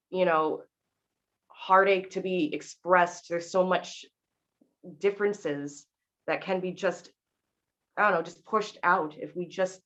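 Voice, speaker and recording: A woman voiceover actor speaking on a panel in a reflective, earnest way. Her voice is slightly low. The recording is dull and lo-fi. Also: fairly bright tone. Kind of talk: panel discussion.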